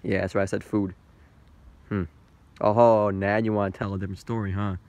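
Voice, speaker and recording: A man's voice: on the low side, little pitch movement, normal speed, darkish tone, no echo. A young man vlogging outdoors by a lake on a handheld phone, narrating playfully to the camera. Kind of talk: casual travel vlog.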